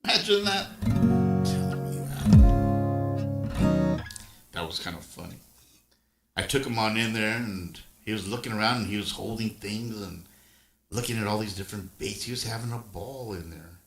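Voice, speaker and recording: An older man with a fairly low voice tells a rambling, folksy story in a relaxed way as he chats on his livestream. The room is echoey, and an acoustic guitar hangs in the background. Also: a little fast. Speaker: livestream host. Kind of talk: casual storytelling chat.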